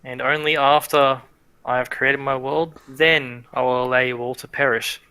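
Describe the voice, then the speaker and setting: A man voicing a scheming ancient male villain god who speaks slowly, grandly and with menace. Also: medium pitch, steady tone, pushed and bright, clean tone. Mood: grandiose.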